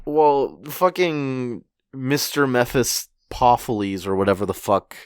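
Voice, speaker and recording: A man's voice: medium pitch, takes it slowly, clean tone, no room sound, clean studio sound. A man co-hosting a podcast, chatting casually and unhurriedly, swearing now and then. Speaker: podcast co-host. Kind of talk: casual chat recapping a manga chapter. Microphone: podcast microphone.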